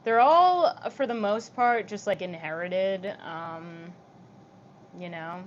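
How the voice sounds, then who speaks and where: A young woman livestreaming. She speaks with steady vocal fry, reads comments from her chat aloud and answers them with light, giggly chatter. The audio sounds slightly dull and muffled, with a faint hiss behind her voice. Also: mid-range voice, takes it slowly.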